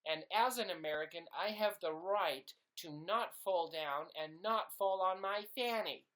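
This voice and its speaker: An Englishman doing a shrill whiny American man. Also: measured pace. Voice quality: high, shouty and whining. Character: brash loud American man, whiny about his rights.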